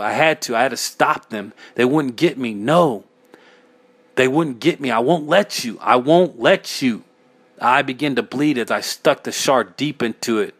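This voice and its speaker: A man reading his own first-person horror story aloud, frantic, sometimes breaking into yells. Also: mid-range voice, no room sound.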